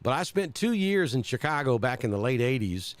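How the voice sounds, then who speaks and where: A man's voice: medium pitch, sing-song, a little fast, no echo. A man from central Alabama with a Southern accent, giving live storm coverage as a weather broadcaster and thinking aloud with many fillers.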